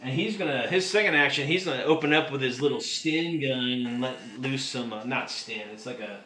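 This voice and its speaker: A man running a tabletop wargame, casual and excitable, counting dice out loud. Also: medium pitch, a little fast, a little hiss or hum. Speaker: game master. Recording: echoey room with music behind.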